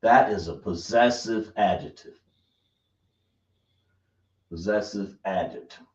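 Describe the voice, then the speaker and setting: A man teaching a language lesson, speaking slowly and often checking whether his listeners understand. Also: lowish voice. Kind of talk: classroom lesson. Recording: echoey room, dull lo-fi sound.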